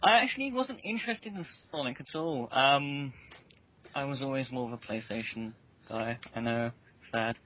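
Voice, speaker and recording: A man chatting casually as a podcast guest, telling his story in a relaxed, self-deprecating way. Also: medium pitch, moderate pace. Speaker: guest, fan site staff member. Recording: dull lo-fi audio.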